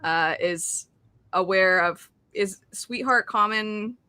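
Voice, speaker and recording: A woman's voice: medium pitch, slow pace, pushed and bright, clean tone, dry recording. A woman hosting a reading stream in casual chat, reading out chat messages and laughing often. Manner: chatty, reads chat aloud, laughs often.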